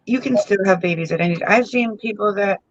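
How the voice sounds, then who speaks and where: A man's voice: high-pitched, brisk, dry recording. A man chatting casually and joking easily over a remote call. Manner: easygoing, joking. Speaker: co-host on a call. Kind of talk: casual chat. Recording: dull, dry call audio.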